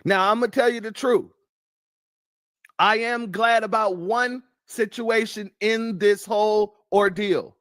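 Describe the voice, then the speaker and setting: A man's voice: high voice, steady tone, takes it slowly, fairly bright tone, dry recording, clean studio sound. A man from the United States hosting a news commentary show, talking bluntly and profanely and telling stories from his childhood. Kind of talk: casual commentary.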